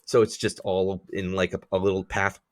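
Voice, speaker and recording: A man's voice: sits low, moderate pace, no room sound, studio quality. A man co-hosting a podcast, chatting casually and ranting with plenty of swearing. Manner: profane, ranting, animated complaints. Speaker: podcast co-host. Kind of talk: casual chat.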